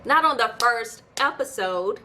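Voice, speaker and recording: A woman's voice: on the high side, lively intonation, unhurried, sharp tone, a little hiss or hum. A woman giving a casual TV episode recap as a video host, chatty and storytelling, with incredulous asides. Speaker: YouTube TV reviewer.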